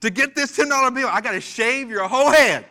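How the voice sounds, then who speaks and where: A man from the United States preaching in a church, with a high, bright and forceful voice. He leads the congregation in call-and-response and teases its members in a playful way. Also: a little fast. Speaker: pastor. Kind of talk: sermon.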